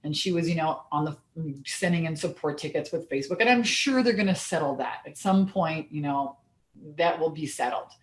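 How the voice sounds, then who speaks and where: A woman coach delivering a blunt, energetic motivational talk to her viewers, swearing freely. Her voice sits on the lower side for a woman. The sound rings in an echoey room. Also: fairly quick. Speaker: business and mindset coach.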